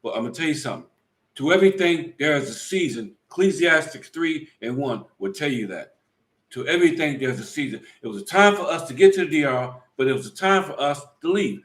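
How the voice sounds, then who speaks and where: A man's voice: on the high side, lively intonation. A middle-aged man from the United States talking emphatically and a little preachily in a casual live chat. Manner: emphatic, preachy, rapid talk. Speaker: vlog co-host. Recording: echoey room.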